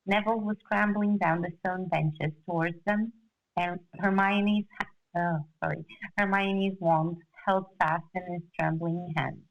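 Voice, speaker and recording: Brief: female podcast co-host, low-pitched and slightly dull-sounding, relaxed read-aloud. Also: measured pace. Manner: casual reading with laughs and self-corrections. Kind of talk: reading a novel aloud.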